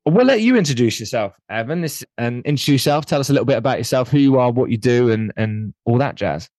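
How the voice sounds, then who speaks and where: Fast-chatting young male podcast host. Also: mid-range voice, expressive, darkish tone, dry recording. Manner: says he talks really fast. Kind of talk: casual podcast chat.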